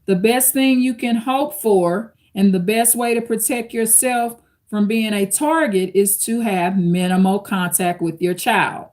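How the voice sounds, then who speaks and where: A woman hosts a live stream, reading an article aloud and chatting casually about it with her viewers, whom she calls y'all, as she reads out quotes. Her voice is medium-pitched and somewhat dark, and she keeps a measured pace with hardly any pauses.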